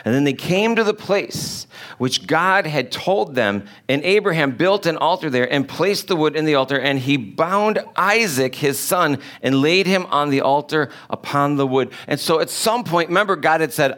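Animated male preacher, slightly high voice. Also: moderate pace. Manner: animated, emphatic rhetorical questions. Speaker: pastor. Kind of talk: sermon.

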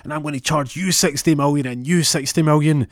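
Stern exasperated male judge, pitched up and loud, put on by a man telling a story. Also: fairly even intonation, brisk, dry recording, studio quality, natural voice. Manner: exasperated, barking orders.

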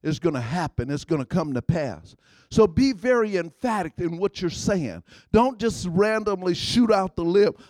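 A man with a high voice preaches a call-and-response sermon, pressing each point home by repeating phrases. He swings from ringing outbursts down to hushed lines. The sound is close and dry, with no room around it. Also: animated, normal speed, no echo. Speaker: guest preacher.

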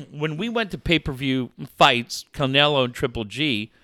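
A middle-aged man hosting a sports talk radio show, telling a rambling, animated story with many restarts. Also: fairly high pitch, measured pace, no room sound, studio quality. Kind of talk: casual talk radio chat.

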